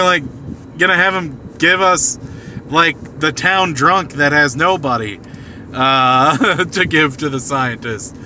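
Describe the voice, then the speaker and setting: A man's voice: mid-range voice, sharp tone, a little hiss or hum. A man casually telling a long, rambling story full of fillers and restarts, recorded in a car. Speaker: podcast host. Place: car at night.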